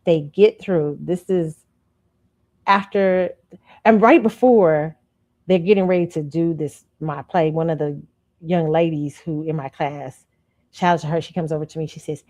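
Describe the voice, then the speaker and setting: A woman hosting her show, telling a personal story in a casual, animated way and calling her listeners y'all. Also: low voice, unhurried. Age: adult student. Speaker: show host.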